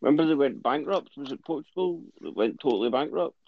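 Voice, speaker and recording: A man's voice: a little high, fast talker, narrow, tinny audio. A Scottish man co-hosting a casual podcast, chatting and joking. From Scotland. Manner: jokey, chatty, lively. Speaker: podcast co-host.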